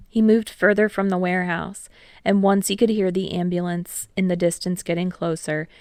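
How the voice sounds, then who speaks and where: Low gravelly woman narrating. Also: no echo, studio quality. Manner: steady storytelling, voicing all characters. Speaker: podfic reader. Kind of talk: scripted narration.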